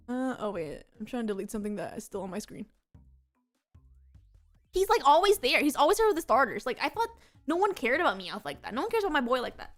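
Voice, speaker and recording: A high-pitched young woman rambles through a casual streaming chat, bubbly and excitable, with "like" in nearly every sentence. Faint music plays quietly behind her. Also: fast. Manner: excitable, rambling, heavy use of "like". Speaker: VTuber streamer.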